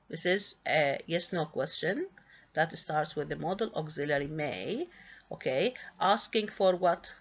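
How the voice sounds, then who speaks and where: A woman's voice: low voice, fairly bright tone, slightly rough, highs cut off. A woman teaching an English grammar lesson, often asking a question and answering it herself, with frequent fillers. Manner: asks and answers her own questions, with many fillers.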